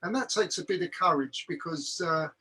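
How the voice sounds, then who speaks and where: A man's voice: on the high side, moderate pace, sharp tone, slightly rough. An easygoing man co-hosting a casual chat on a video call. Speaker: co-host.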